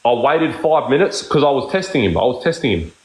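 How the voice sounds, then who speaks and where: A man on a live stream, talking bluntly and cursing at every turn, circling back over the same points. His voice sits at an ordinary middle pitch. The room around him rings with echo. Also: big pitch swings, fairly quick, darkish tone. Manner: blunt, swears constantly, repeats himself. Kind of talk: heated casual chat.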